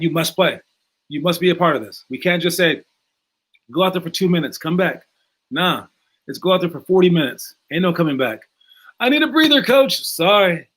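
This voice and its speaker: A man with a fairly high voice talks casually to young basketball players as their coach. He is energetic and loose, with plenty of fillers and repeated words. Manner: energetic, acts out movie scenes in raised voices.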